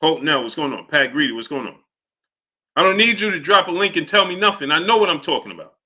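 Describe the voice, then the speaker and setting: Fast-talking with lively intonation, this boxing live-stream host has a fairly high, bright, forceful and husky voice. He offers casual commentary, argues with the chat, repeats himself and calls out viewers' names.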